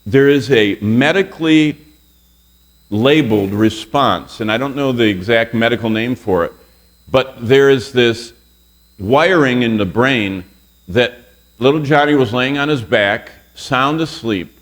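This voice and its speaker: Slow-talking older male pastor. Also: mid-range voice. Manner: storytelling, quizzes the audience with questions. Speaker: pastor teaching a Bible class. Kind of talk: Bible lesson to college students. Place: classroom full of students.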